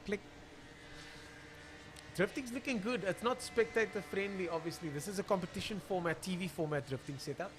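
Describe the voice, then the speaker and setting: A man calls a drag racing event live on a stream, talking loosely and thinking out loud. He fills the pauses with easy chatter while he searches for drivers' names, and his voice sits a little higher than most men's.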